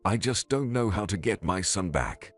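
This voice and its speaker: A man's voice: on the low side, expressive, normal speed, soft background music. A man reading the lines of a remorseful police officer and father, muttering apologies.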